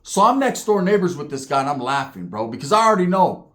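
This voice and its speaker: A man's voice: on the high side, sing-song, quick pace, fairly bright tone. Streetwise man telling a story. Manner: streetwise, profane, frequent "right?" asides. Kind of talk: casual spoken storytelling.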